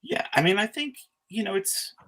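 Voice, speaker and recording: A middle-aged man speaking as the guest scholar in a conversational interview, thoughtful and halting, with frequent restarts and fillers. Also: high-pitched, lively intonation, a bit bright, poor audio.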